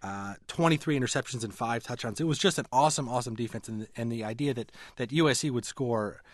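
A man's voice: medium pitch, fast, no echo, studio quality. A man who writes about politics and sports, talking analytically as a radio interview guest and often restarting his sentences. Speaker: magazine editor and writer, guest.

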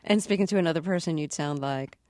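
A woman's voice: low-pitched, quick pace, darkish tone, no room sound, clean studio sound. A woman radio interviewer asking her guest curious, probing questions.

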